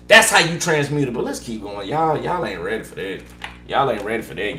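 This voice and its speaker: A man giving a blunt, preachy tarot reading, swinging between fired-up lecturing and low muttering. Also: fairly bright tone, echoey room. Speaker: tarot reader. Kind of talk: live tarot reading monologue.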